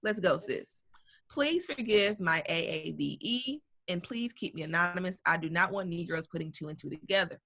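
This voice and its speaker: A woman's voice: lowish voice, expressive, normal speed, fairly bright tone. A woman co-hosting a casual podcast, reading a listener's email aloud with slang, swearing and bursts of laughter. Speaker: podcast co-host.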